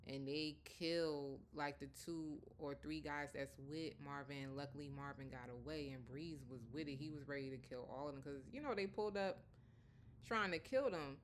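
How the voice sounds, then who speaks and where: A woman with a low, deep-set voice recaps a TV episode in a loose, chatty way. She laughs often and fills her talk with "like" and "you know." Faint background ambience sits under her voice. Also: moderate pace, slight background noise. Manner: chatty, laughs often, lots of 'like' and 'you know'. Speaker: TV episode reviewer. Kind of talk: casual recap chat.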